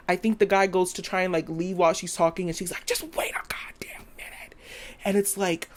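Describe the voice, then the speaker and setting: A woman's voice: mid-range voice, a little mellow. Woman podcast host, casual solo monologue, emphatic and rambling, mid-range voice. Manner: rambling, emphatic, quotes lyrics aloud.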